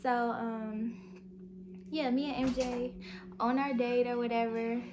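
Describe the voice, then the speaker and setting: Young woman vlogger, high voice, lively slangy storytime, acts out the convo, noisy home recording. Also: slow pace. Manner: animated, slangy storytelling with acted-out dialogue. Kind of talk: storytime vlog. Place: bedroom at home.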